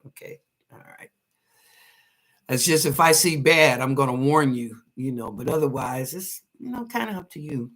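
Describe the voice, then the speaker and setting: Bright-voiced, folksy psychic host. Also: medium pitch, lively intonation, moderate pace. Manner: folksy, chatty and reassuring, laughs often. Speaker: psychic reader hosting a live show. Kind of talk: live call-in psychic readings.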